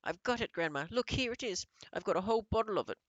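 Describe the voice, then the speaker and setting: A man doing an excited little boy-mouse, high. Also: fast, no room sound, lo-fi sound.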